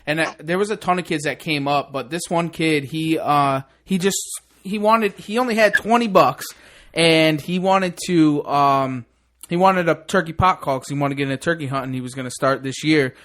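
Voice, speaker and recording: A man's voice: on the high side, normal speed, a bit bright. A man co-hosting a casual podcast chat, teasing the others and telling a story. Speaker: podcast co-host.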